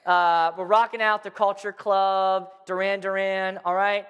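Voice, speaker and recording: A man in his thirties telling a personal story to a live audience in a playful, animated way, asking the crowd questions as he goes. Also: high-pitched, a little slow, clean tone. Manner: playful, addresses the crowd directly. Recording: long hall reverb.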